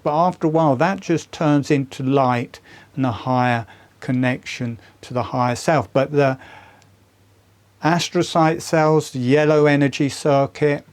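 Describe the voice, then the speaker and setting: Slow, earnest older male breathwork teacher. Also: medium pitch, darkish tone, clear, resonant tone. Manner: slow, earnest, evangelical about his method. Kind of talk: unscripted teaching talk with demonstration.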